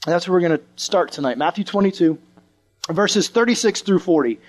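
A man preaching to a live audience, telling a story in a lively way and acting out the voices of the people in it. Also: high-pitched, fairly quick. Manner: animated, acts out the voices of the people in his stories.

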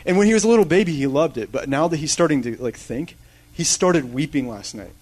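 A man in his thirties preaching a sermon in a casual, rambling, animated way. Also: on the high side, a little fast. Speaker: pastor. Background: soft guitar strumming.

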